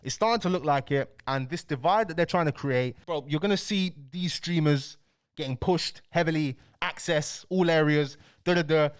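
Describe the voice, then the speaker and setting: A man's voice: a little high, normal speed, clear, resonant tone. A man delivering heated, slangy commentary as a YouTube host. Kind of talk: ranting commentary.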